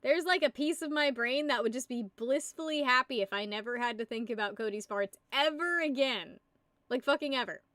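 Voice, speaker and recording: High-pitched young woman streamer, giggly and rambly, dry close sound. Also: brisk, a bit bright, no room sound. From United States. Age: young adult. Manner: giggly, rambling, reads and answers chat. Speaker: livestreamer. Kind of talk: casual live-stream chat.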